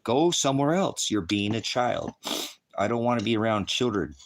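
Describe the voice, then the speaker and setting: A man's voice: fairly low pitch, moderate pace, a little hiss or hum. A man preaching on a livestream, answering the chat in a confrontational, insulting way, swearing and repeating himself as he rambles. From United States. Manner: repetitive and rambling. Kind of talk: combative livestream rant.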